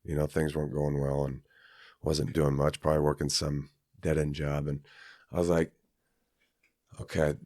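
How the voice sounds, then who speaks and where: A man's voice: extremely low pitch, level tone, moderate pace, pauses often, darkish tone, no room sound, studio quality. A man from Kansas, a podcast guest, telling a personal story in a rambling, casual way with many fillers and restarts.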